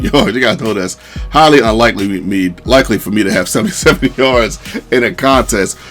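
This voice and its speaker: A man giving casual commentary over his own video game replay, loose and slangy, saying "man" often. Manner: animated, jumps to high pitch when quoting himself; relaxed slang, fillers like "man". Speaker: gaming commentator.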